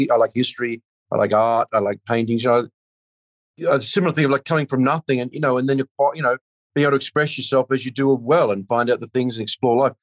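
A man's voice: mid-range voice, dry recording. A man being interviewed as an actor, rambling in casual chat with many restarts and filler phrases. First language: not a native of the country he is speaking about.

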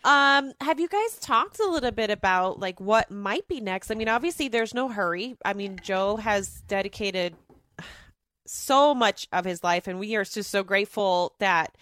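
A woman's voice: medium pitch, animated, normal speed, a bit bright, dry recording. A woman interviewing a guest in a casual, playful way, asking long rambling questions.

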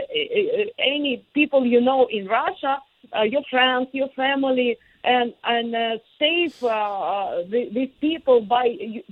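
A woman with a Ukrainian accent, a guest on a remote interview, speaking with passion, halting with many fillers and restarts. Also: fairly high pitch, no echo. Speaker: guest, singer and former lawmaker. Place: in Kyiv, remote. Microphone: phone line. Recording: tinny dry phone line.

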